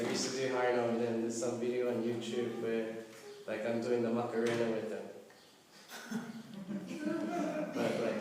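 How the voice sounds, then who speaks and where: Man, casual storyteller, animated, laughs a lot, echoey hall, distant mic. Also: medium pitch, a little hiss or hum. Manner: animated, laughs often, acts out voices in stories. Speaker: speaker at a devotional class. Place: temple hall.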